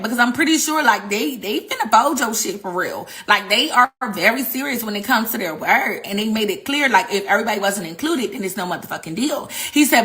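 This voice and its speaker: A woman giving casual current-events commentary, telling the story in an animated, slangy and heavily profane way. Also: mid-range voice, a little fast.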